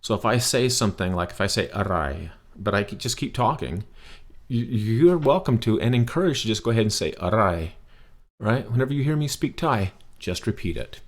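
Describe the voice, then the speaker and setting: A man's voice: medium pitch, expressive, fairly quick. A man teaching a recorded beginner language lesson, patient and encouraging, checking in with "okay?" as he explains.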